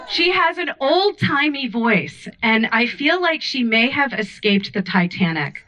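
A woman's voice: fairly high pitch, measured pace, few pauses, muffled recording. A woman performing a stand-up comedy set on a club stage, telling stories animatedly into a handheld mic. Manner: animated storytelling with many voices.

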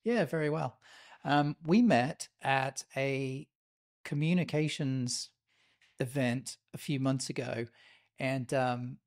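A man's voice: medium pitch, slow pace. A man in a mid-range voice hosts a podcast. He talks in a friendly, casual way and hesitates often. His sentences are full of ums and restarts. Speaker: podcast host. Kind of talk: casual interview chat.

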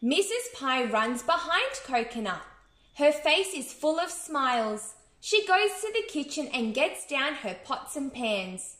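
Aussie woman reading a kids bedtime story, high lively voice, slow, echoey room. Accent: Australian. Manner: expressive, sing-song, with sound effects. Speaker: children's storyteller.

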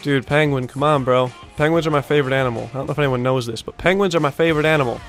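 Young man, gaming reaction host, casual, excitable, profane, average pitch. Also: rapid-fire, faint music behind. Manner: excitable, swears a lot, bursts of disbelief. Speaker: host reacting to video-game montages.

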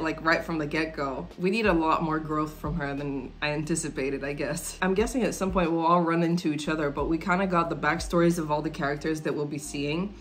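A woman's voice: sits low, slight background noise. Chatty young woman reacting to anime. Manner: chatty, excitable, laughs often. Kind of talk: casual reaction commentary. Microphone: phone.

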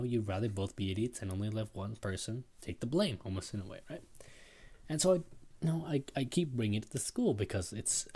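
A man's voice: fairly low pitch, a little mellow, slightly rough. A young man hosting a casual solo podcast, telling a rambling, self-deprecating story and tagging his sentences with "right?". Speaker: podcast host.

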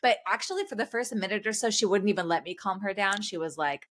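A woman in her thirties co-hosting a podcast, telling a story in animated casual chat and laughing often. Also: mid-range voice, quick pace. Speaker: podcast co-host.

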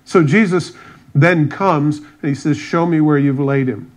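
A man's voice: on the high side, a little slow. A man pastor preaching a sermon, retelling scripture stories with wry asides and acted-out dialogue.

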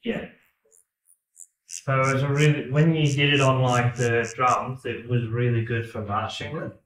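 A man's voice: medium pitch, little pitch movement, a little slow, fairly bright tone. A man who served in the navy chats casually in a tattoo parlor, rambling and swearing freely. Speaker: navy veteran. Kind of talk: casual chat. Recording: roomy echo.

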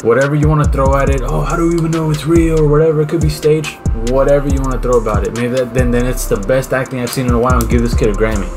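A man's voice: medium pitch, steady tone, very fast, few pauses, over music, poor audio. A man co-hosting a casual podcast, speaking in an earnest, reflective way. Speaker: podcast co-host.

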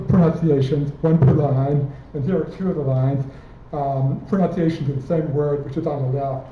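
A man's voice: fairly high pitch, slight background noise. A man giving a conference talk, explaining a technical example step by step. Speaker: conference speaker. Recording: distant, phone-like sound in an echoey hall.

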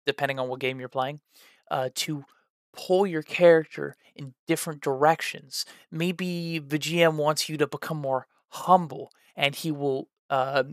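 A man's voice: a little high, fairly bright tone, no echo, clean studio sound. A man giving casual advice on building role-play characters, rambling with frequent "uh" fillers and trying out voices as he explains. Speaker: tabletop role-play tutorial host.

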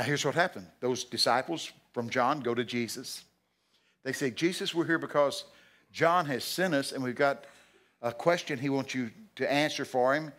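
A man in his sixties preaching a sermon in a folksy, dramatic way, his voice leaping high and loud for emphasis. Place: church sanctuary.

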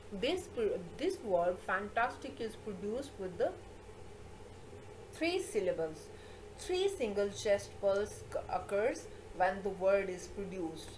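A mid-pitched woman teaches a recorded English grammar lesson. She explains patiently and repeats key points, filling pauses with "uh". A faint hiss sits behind her voice. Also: darkish tone, rough recording. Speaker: school teacher.

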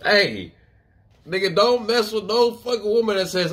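A man hosting a reaction video, commenting on a clip in a loud, profane, laughing way. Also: high-pitched, unhurried.

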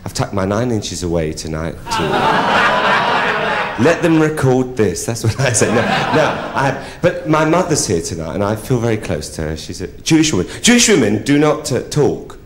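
Bawdy drag comic, live. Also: male voice, mid-range voice, sing-song, moderate pace, few pauses, a little hiss or hum. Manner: bawdy, teasing, chatty with the audience. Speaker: drag artist. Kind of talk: live stand-up comedy. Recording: roomy live theatre with laughing crowd.

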